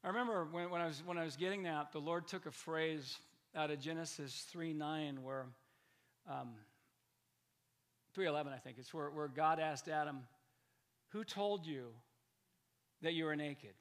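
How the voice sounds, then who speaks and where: A male pastor preaching with energy, his voice bright and forceful and fairly high. He restarts and repeats words, then punches key lines with sudden loud emphasis. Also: steady tone, moderate pace. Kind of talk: lively sermon.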